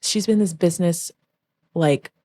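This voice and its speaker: Speaking at a moderate pace in a lowish voice, this former backup dancer, a young woman, shares an emotional story as a guest on a podcast. Her telling is animated, and she performs the voices of the people in it.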